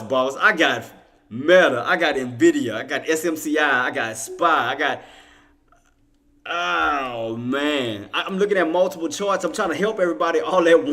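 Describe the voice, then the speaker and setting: Trading streamer, man, bright voice, playful laughing banter with viewers. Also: on the high side. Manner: loose casual slang. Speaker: stock trading livestream host. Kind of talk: casual livestream commentary to chat.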